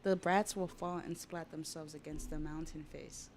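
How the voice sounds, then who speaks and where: A woman's voice: deep voice, steady tone, moderate pace, a little hiss or hum. A woman reading a sneering cruel villain. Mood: scheming. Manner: sneering, mocking. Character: scheming cruel male villain, gloating. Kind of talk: reading manga aloud on stream.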